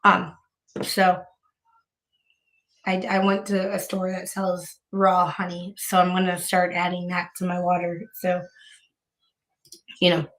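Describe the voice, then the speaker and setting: A woman live streamer chatting casually to her viewers, hoarse with bronchitis, with heavy vocal fry and a rambling way of talking full of restarts. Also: lowish voice, completely flat delivery, slow pace, pauses often, a bit bright, a little hiss or hum.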